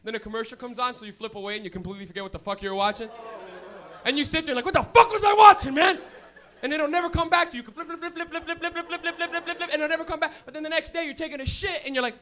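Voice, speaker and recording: A young man with a Canadian accent doing a loud, rambling stand-up set in a club, laughing at his own jokes. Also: extremely high pitch, very fast, hardly any pauses. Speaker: stand-up comedian. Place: comedy club, live audience.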